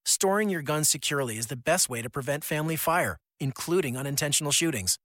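A man narrating a scripted public service announcement in a calm, earnest way. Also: a little high, fast, no echo, studio quality. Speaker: PSA narrator.

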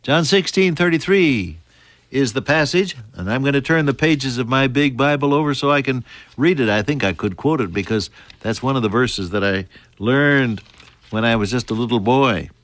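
A man preaching a sermon, earnest, building to emphatic high points and then falling soft and hushed. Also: animated, normal speed, no room sound.

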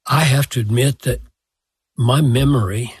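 An older man, a pastor, answering a question slowly and deliberately, with self-deprecating chuckles. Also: medium pitch, breathy edge, no room sound, studio quality. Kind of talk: reflective podcast answer.

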